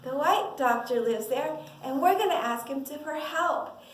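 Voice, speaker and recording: A woman voicing a worried but gentle father, speaking low and slowly to calm his wife. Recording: echoey room, mic far off.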